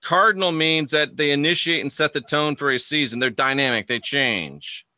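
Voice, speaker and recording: The host of this laid-back astrology livestream speaks at normal speed in a fairly high, bright voice with a forceful tone, captured at studio quality without room sound. Chatty with his viewers, he reads comments aloud and keeps stumbling and restarting.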